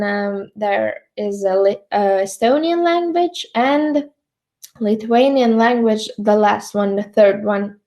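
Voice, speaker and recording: A woman's voice: a little high, mellow. A young woman with a Latvian accent giving a slide lecture, with frequent ums and uhs. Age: young adult. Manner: many ums and uhs, measured.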